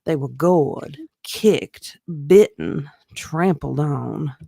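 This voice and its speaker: A reader narrating a novel aloud, expressive and quick to laugh between passages. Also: mid-range voice, creaky, husky, no room sound, clean studio sound. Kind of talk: reading a novel aloud with banter.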